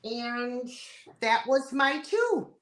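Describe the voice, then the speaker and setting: A woman hosting a live sale stream, unhurried and quick to laugh. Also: a little high, big pitch swings, very noisy. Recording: echoey room.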